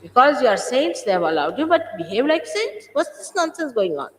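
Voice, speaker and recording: A woman's voice: high-pitched, big pitch swings, a little fast, soft background music. A woman, a spiritual teacher scolding her followers with emphatic rhetorical questions. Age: 60s. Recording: echoey hall, old 1980s recording.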